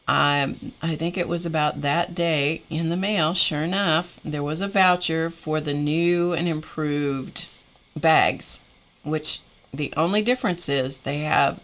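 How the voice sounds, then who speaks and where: Middle-aged female host, low-pitched, unhurried, exasperated storytelling chat. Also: fairly bright tone. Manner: wry, exasperated, laughs often. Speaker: host of a live art stream.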